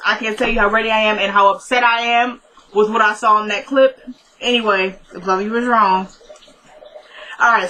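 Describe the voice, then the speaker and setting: A woman's voice: medium pitch, pushed and bright, low-quality recording. A young woman recapping a TV episode in casual chat, talking straight to her viewers and laughing often. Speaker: TV recap vlogger.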